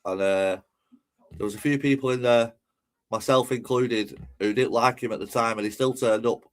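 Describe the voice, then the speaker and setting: A man from England hosts a relaxed livestream at a mid pitch. He chats loosely and reads out viewers' comments. He swears casually and gives frequent shout-outs to the people watching. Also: moderate pace. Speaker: livestream host.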